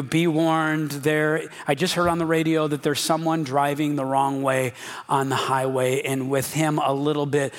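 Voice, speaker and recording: A man preaching a sermon as a pastor, informal and joking, speaking straight to his congregation. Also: on the high side.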